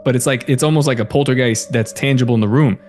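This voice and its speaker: A man's voice: mid-range voice, fast, soft background music. Male podcast host telling a story. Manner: animated storyteller, acts out quoted dialogue. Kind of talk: casual chat, retelling a story.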